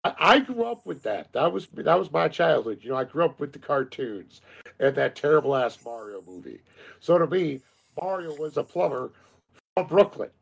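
Gravelly, husky man chatting about games. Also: on the high side, big pitch swings, normal speed. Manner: rambling, many fillers and restarts. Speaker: podcast co-host. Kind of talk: casual gaming chat.

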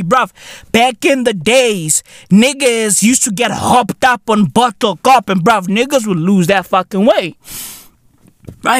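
A man with a South African accent, hosting a comedy show, delivering a profane, animated rant in heavy slang with shouted bursts. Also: high-pitched, unhurried, no echo, clean studio sound. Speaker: comedy podcast host.

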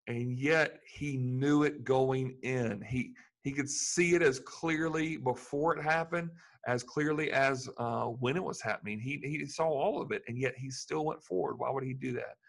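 A man's voice: medium pitch, moderate pace, creaky, few pauses. A man preaching a sermon in an earnest manner, building to fervent emphasis. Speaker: pastor.

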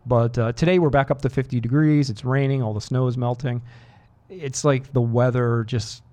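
A man's voice: medium pitch, fairly even intonation, moderate pace, a little mellow. A man hosting a rock radio show, chatting casually with rambling, self-deprecating asides into a studio microphone. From Boston area. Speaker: radio DJ host. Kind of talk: casual on-air chat.

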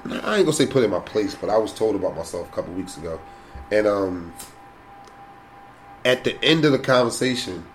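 A man's voice: on the low side, animated, fairly quick, long pauses, faint music behind. A man chatting casually in a heated, profane way. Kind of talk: casual chat.

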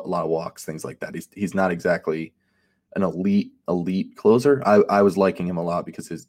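Deep-voiced man breaking down baseball stats. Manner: relaxed and analytical, with many fillers like um and you know. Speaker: podcast co-host and fantasy analyst. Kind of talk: casual sports chat.

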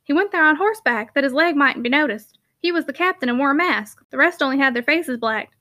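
A woman's voice: sits high, expressive, fairly quick, sharp tone. A woman voicing a shrewd, gossipy male mill worker in a Yorkshire dialect. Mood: sly. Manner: sly, gossipy, dialect-rich.

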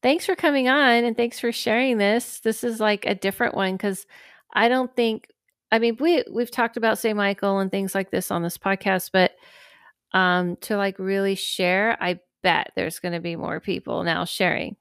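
A woman hosting a podcast in casual chat, rambling with lots of fillers and lively acted-out quotes. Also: medium pitch, moderate pace, clear, resonant tone, no room sound, clean studio sound. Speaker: podcast host.

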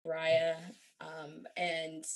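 A woman's voice: low-pitched, completely flat delivery, drawn-out words. A woman hosting a podcast, chatting casually about films with eager enthusiasm, many ums and frequent laughter. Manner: enthusiastic, laughing, gushing with fillers. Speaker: podcast host.

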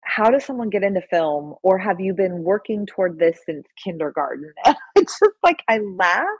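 A woman filmmaker being interviewed, telling a story with excitement and acting out the lines people said to her. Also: mid-range voice, moderate pace, slightly rough, no echo, poor audio. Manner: excitable, acts out quoted dialogue. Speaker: guest filmmaker. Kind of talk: animated storytelling in conversation.

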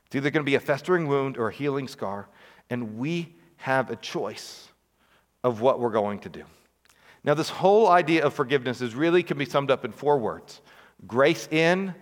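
A man delivers a sermon in a relaxed, conversational way, often checking in with the congregation through quick rhetorical questions. He sits at a middle pitch. His voice rings out with the long reverb of a large church sanctuary. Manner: conversational, with frequent rhetorical questions and "right?" asides. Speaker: pastor.

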